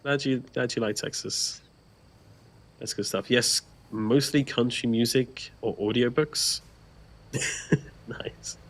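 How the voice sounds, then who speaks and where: A man's voice: medium pitch, steady tone, slow pace, pauses often. A man co-hosting a casual gameplay livestream, chatting, laughing often and reading out viewer comments. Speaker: stream co-host.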